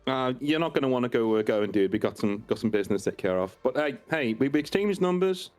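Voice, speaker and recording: A man's voice: mid-range voice, animated, fast talker, a little mellow, soft background music. A man playing a tabletop role-playing game, brash and profane in character. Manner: brash, swearing, in-character banter. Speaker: player.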